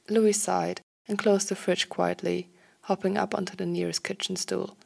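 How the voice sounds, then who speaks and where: A woman reading a story aloud in a soft, partly whispered way. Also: medium pitch, little pitch movement, normal speed, vocal fry. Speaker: fan fiction reader.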